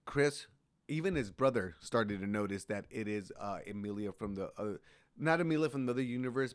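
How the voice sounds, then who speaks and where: A man's voice: on the low side, no room sound. A man giving a casual, rambling recap of a TV episode, with many fillers and restarts. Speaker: show recap host.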